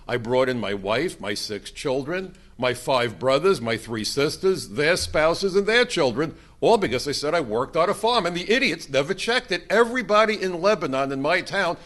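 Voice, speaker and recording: A man's voice: high-pitched, a bit bright, voice pushed up. An older man putting on the voice of a boastful immigrant driver who scorns the authorities, in a raised voice. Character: boastful male immigrant taxi driver mocking the system.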